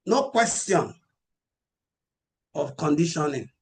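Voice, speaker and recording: A man's voice: a little high, very animated. Emphatic man giving a scripture class. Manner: measured, emphatic, quotes verses. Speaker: preacher.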